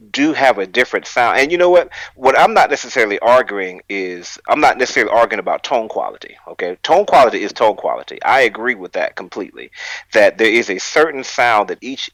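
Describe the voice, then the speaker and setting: A man with a lowish voice builds a measured, drawn-out argument on a podcast panel. The sound is dry and close, with no room echo. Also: a bit bright. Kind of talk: casual panel discussion.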